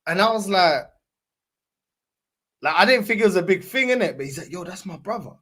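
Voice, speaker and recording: A man telling a story in casual chat, animated and laughing, with a lot of slang. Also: sits high, normal speed.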